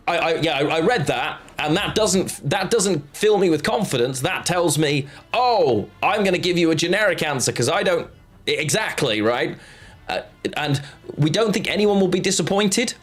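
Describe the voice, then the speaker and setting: A man's voice: a little high, fairly bright tone. A man chatting casually on a live stream while playing a card game, rambling and answering his chat.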